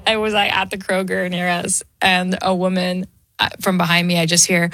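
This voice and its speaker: A young woman guest on a radio show, telling animated stories and acting out what people said. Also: lowish voice, brisk, a little hiss or hum. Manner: animated storyteller who acts out quotes. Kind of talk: casual radio interview chat. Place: radio studio. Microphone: studio microphone.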